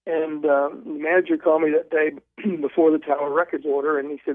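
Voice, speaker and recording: An older man, a guest author, telling animated stories with stumbling restarts over the phone. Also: fairly high pitch, fairly quick, no echo. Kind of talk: storytelling in a phone interview. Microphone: telephone. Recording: tinny phone line.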